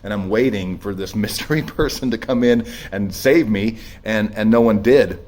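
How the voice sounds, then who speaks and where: A man sharing a raw personal testimony in a halting, emotional way, full of restarts and blunt swearing, shaky as he tells it. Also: fairly low pitch, darkish tone. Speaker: speaker sharing his story.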